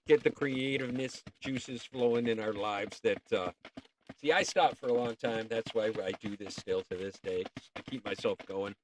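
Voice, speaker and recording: A man's voice: on the low side, normal speed, a little hiss or hum. A man hosting a casual livestream, chatting in a rambling, playful way and often talking to himself. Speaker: livestream host.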